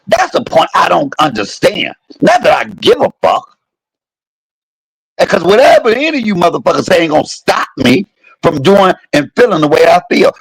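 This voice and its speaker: Gravelly, husky man ranting angrily. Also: on the high side, no room sound, rough recording. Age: 50s. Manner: heated, cursing, repeats points for emphasis. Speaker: vlogger. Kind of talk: angry profane rant to camera.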